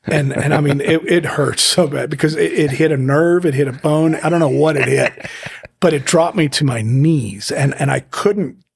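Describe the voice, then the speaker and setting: A middle-aged man from Zimbabwe, a podcast guest, telling rambling, animated hunting anecdotes with many restarts. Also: fairly high pitch, moderate pace, vocal fry, slightly rough. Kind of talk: casual storytelling interview.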